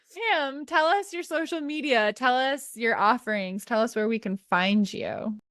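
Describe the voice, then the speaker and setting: In a high-pitched voice, a woman in her thirties hosts a podcast over a video call, casually chatting and telling stories with giggles and lively quotes. The sound is studio quality, with no room sound.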